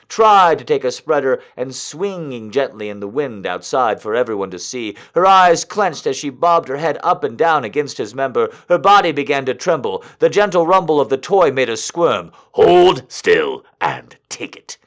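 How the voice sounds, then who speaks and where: A man narrating an audio story in an expressive, measured way. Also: medium pitch.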